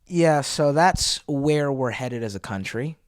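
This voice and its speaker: A man's voice: mid-range voice, expressive, slow pace, dry recording. A man hosting a commentary video, reacting to a clip in a blunt, profane, sarcastic way. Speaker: host.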